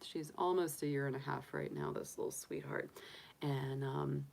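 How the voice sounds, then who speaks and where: A woman hosting a casual livestream, talking softly and fondly with lots of fillers, sniffly and congested from allergies. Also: extremely low pitch, steady tone, normal speed, creaky. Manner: soft, doting, chatty with frequent fillers. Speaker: tarot reader and livestream host.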